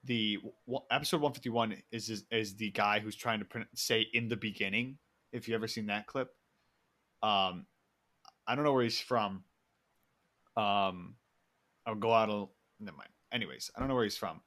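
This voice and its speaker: A man's voice: lowish voice, moderate pace, bright, forceful tone. Laughing, rambling young man on a podcast. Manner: rambling storyteller, laughs often, swears freely. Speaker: podcast co-host. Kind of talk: casual chat.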